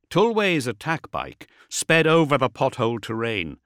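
A male narrator reads with a dramatic, expressive delivery. His tone is bright and forceful. The recording is dry and close, with no room sound. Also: mid-range voice, normal speed, hardly any pauses, no echo. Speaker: audiobook narrator. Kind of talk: scripted narration.

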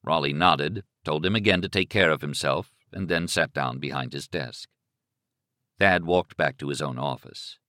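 A man narrating an audiobook in a measured, suspenseful storytelling manner on a close studio mic. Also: a bass voice, bright, forceful tone, dry recording. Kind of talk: scripted narration.

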